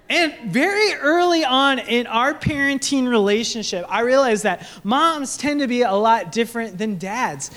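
A young pastor preaches from a church stage to his congregation, mixing the sermon with comic bits and silly put-on voices whenever he quotes someone. His voice is very high and fairly bright, expressive and unhurried, with hardly any pauses.

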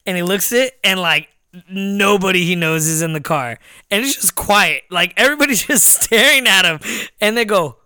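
A man's voice: high-pitched, normal speed, sharp tone, smooth, no room sound, studio quality. A young man co-hosting a podcast, joking around, laughing and swearing as he tells a story. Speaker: podcast co-host. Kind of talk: casual chat.

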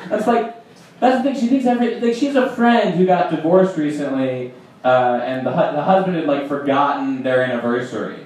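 A young man performs a wry, self-deprecating stand-up set and works the crowd. His voice sits slightly high and swings widely in pitch. He is heard from a distance in a very echoey room with audience laughter behind him. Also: expressive, fairly quick, darkish tone, a little hiss or hum. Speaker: stand-up comedian guest. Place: comedy stage, live audience. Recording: roomy live venue with crowd from mic distance.

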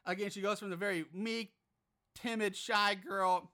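A man's voice: sits high, fairly even intonation, normal speed, pushed and bright. Profane, exasperated man recapping a movie. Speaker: podcast host.

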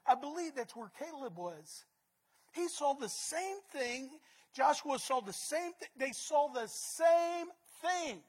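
A woman preaching a sermon, emphatic, repeating words and swinging between loud and soft. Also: high-pitched, expressive, takes it slowly.

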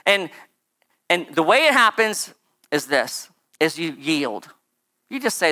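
A preacher giving a casual, conversational sermon, rambling and animated with lots of "like" and "right?" asides. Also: medium pitch, takes it slowly, long pauses.

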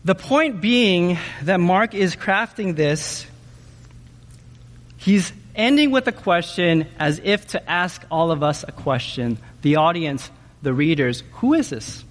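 A man preaching a sermon in an animated way, often asking his listeners questions and checking in with them with "okay?". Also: high voice, big-room sound. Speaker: pastor.

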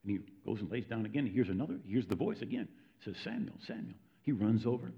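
A man's voice: on the low side, rapid-fire. A man preaching a sermon in a conversational, storytelling way, often checking in with his listeners. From United States. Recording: dull lo-fi recording.

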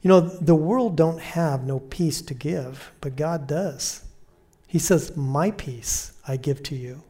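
Guy preaching casually, kinda high voice but mellow and warm, repeats himself a lot. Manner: conversational preaching, repeats phrases, fillers and restarts; slows and softens when quoting Scripture. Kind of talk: sermon.

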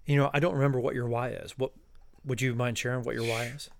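A man's voice: mid-range voice, little pitch movement, quick pace, vocal fry. A middle-aged man, a podcast guest, speaking in a reflective, philosophical way and thinking aloud. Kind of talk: casual conversation.

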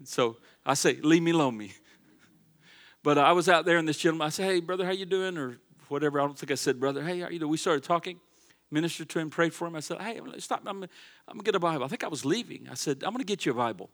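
A male pastor preaching a sermon in a church, swinging between loud urging and hushed asides. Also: a little high, rapid-fire. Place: church sanctuary.

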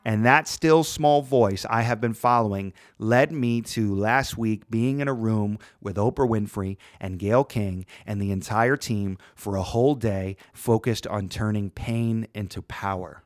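Earnest low-voiced man hosting a podcast. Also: unhurried, few pauses. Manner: earnest, repeats phrases for emphasis. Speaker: podcast host. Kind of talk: reflective solo podcast monologue.

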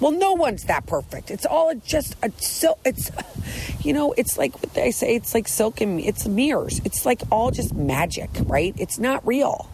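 A woman's voice: on the high side, very animated, a little slow, darkish tone, a little hiss or hum, low-quality recording. A middle-aged woman talking candidly about her recovery from drinking, earnest and rambling, often restarting her sentences. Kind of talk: candid personal monologue.

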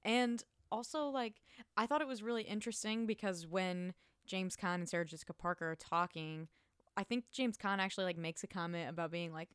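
A woman's voice: mid-range voice, fairly quick, smooth, no room sound, clean studio sound. A young woman chatting casually about a movie, unsure of details and swearing freely. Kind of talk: casual movie recap chat.

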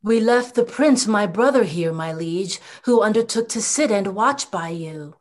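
A woman's voice: mid-range voice, animated, unhurried, darkish tone, close to an everyday voice. A woman reading the part of a young prince, the heir's brother, in a plain, earnest way. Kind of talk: play reading.

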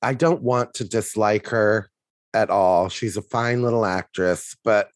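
A man's voice: lowish voice, measured pace, no echo. A man co-hosting a podcast in casual chat, emphatic, restarting sentences and acting out frantic lines. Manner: emphatic, hesitant restarts, acts out frantic quotes. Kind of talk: casual chat reviewing a sitcom.

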